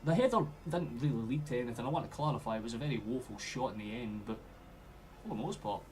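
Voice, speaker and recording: A young Scottish man streaming a football watchalong, chatting and swearing freely, with sudden loud outbursts at the play. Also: mid-range voice, lively intonation, quick pace, a little hiss or hum. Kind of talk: live match commentary to chat.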